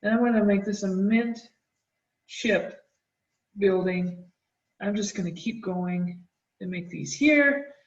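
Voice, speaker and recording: A woman art teacher talking children through a drawing, gentle and encouraging as she draws. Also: mid-range voice, slow pace, pauses often, recorded from a distance. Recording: dull, roomy, from the mic.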